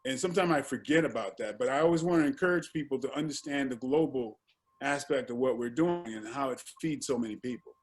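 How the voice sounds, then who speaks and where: A man speaking earnestly on a panel via video call, often restarting his sentences. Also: medium pitch. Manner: earnest, halting with many restarts. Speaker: panelist, martial arts actor. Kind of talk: casual panel talk.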